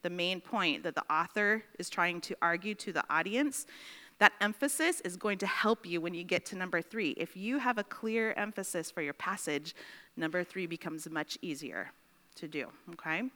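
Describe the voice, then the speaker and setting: A woman teaching a Bible study class, dictating slowly with repeated phrases and checking in with her listeners. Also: lowish voice, sharp tone. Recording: long reverb in a large room.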